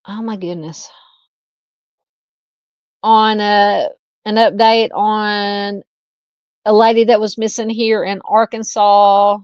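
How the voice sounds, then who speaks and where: A woman's voice: medium pitch, steady tone, takes it slowly, long pauses, clean tone, no room sound, muffled recording. A woman with a Southern US accent hosting a true-crime live stream, chatting casually and reading out viewer comments. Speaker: livestream host.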